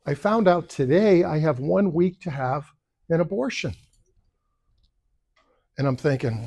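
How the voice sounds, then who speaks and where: A man's voice: fairly high pitch, lively intonation, normal speed, long pauses, a little mellow, husky. Man telling stories at a campaign luncheon. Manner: storytelling, acting out quoted voices. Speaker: political candidate. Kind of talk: campaign speech. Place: luncheon event room.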